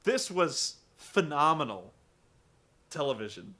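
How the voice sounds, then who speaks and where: Lively dude ranting about wrestling, bright voice, laughs a lot in his tone. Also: fairly high pitch, slow pace. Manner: animated, joking, swears freely. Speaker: podcast host recapping wrestling. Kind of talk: casual chat.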